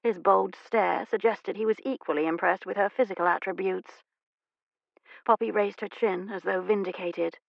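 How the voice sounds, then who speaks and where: A woman narrating a romance audiobook in a measured, even storytelling manner. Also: mid-range voice, creaky, no room sound, dull audio. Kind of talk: scripted narration.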